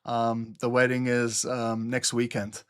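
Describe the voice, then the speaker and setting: A man's voice: mid-range voice, monotone, a little slow, smooth. A man hosting a trading livestream, explaining the market live and often checking in with "okay?" while answering viewer chat.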